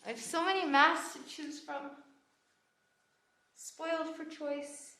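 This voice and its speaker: High-voiced woman chatting to her stream. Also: fairly even intonation, takes it slowly, sharp tone. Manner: chatty, talks to viewers, drops to whispers. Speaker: livestreamer. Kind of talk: casual livestream chat. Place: indoors, then outdoors on city streets. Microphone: phone held close to the face.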